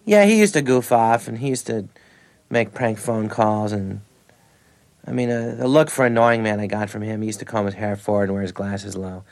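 A man's voice: fairly low pitch, brisk, a little mellow. A man, an actor and comedian, telling rambling anecdotes in a radio interview. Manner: rambling anecdotes, frequent laughs.

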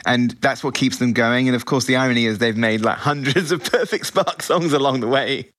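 A man's voice: mid-range voice, brisk, fairly bright tone. A middle-aged British man, a film director, answering interview questions in a chatty, reflective way with frequent restarts.

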